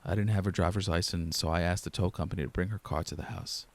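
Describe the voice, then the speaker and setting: Gravelly low-voiced man narrating horror. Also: fast. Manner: low-key, steady first-person storytelling.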